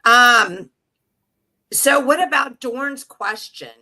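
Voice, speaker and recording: A woman with a bright, forceful voice co-hosts a chat over a video call. She talks in a chatty way and passes along questions from viewers. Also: on the high side, extremely slow. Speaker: co-host.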